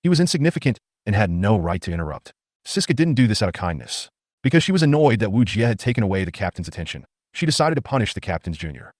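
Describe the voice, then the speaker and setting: A man narrating a manga recap in a brisk, steady storytelling read. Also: fairly low pitch, no room sound, studio quality.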